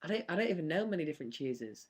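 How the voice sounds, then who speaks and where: A young man with a fairly high, husky voice races through fan questions in a sing-song way on a casual live stream. He's chatty and rambling, laughing often and saying um a lot.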